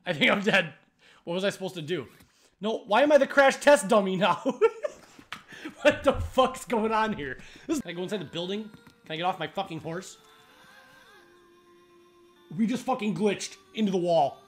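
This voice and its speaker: A gaming streamer doing excitable let's play commentary, swearing a lot and laughing loudly. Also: mid-range voice, moderate pace, pauses often, faint music behind.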